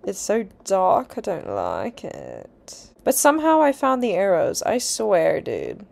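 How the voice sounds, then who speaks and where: A woman's voice: medium pitch, huge pitch swings, slow, gravelly, darkish tone. A young woman giving casual, easily scared let's-play commentary, chatty and swearing, with nervous laughs. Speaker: gaming YouTuber.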